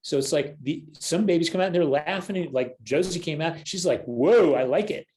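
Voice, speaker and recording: A man's voice: fairly high pitch, fairly quick, a little hiss or hum, low-quality recording. An older man, a counselor and spiritual leader, talking casually as a podcast guest and acting out the voices he quotes. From United States. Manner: animated storyteller who acts out quoted voices. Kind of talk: casual storytelling conversation.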